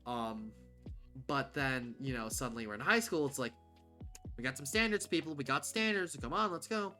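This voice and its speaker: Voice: medium pitch, lively intonation, normal speed, pushed and bright, soft background music. A livestreamer chatting casually and bluntly, rambling with many fillers and restarts. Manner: rambling, full of "like" and "um", frequent restarts; candid, blunt, swears casually.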